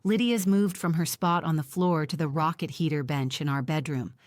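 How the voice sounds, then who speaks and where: Low-voiced woman narrating an audiobook. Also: darkish tone, no echo, studio quality. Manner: tense, measured storytelling. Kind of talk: first-person audiobook narration.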